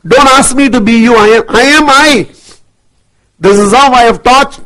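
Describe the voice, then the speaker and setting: A man giving an impassioned, forceful speech to an audience, intense and repetitive in his rhetoric. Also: very high-pitched, moderate pace, low-quality recording. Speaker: motivational speaker.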